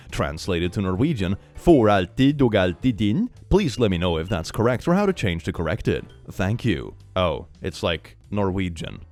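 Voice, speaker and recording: A man's voice: low voice, darkish tone. A man hosting casual comedy reaction commentary, sarcastic and laughing often. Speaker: host.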